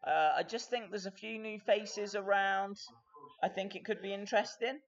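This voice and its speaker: A man's voice: high-pitched, steady tone, moderate pace. A man hosting a live-stream reaction, chatting casually and thinking aloud with fillers. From England. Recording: slightly muffled stream audio.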